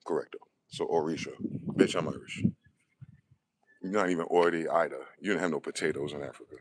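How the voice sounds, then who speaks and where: A man's voice: rumbling low, brisk, low-quality recording. A man ranting in a profane, combative monologue, asking questions and answering them himself. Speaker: online video host.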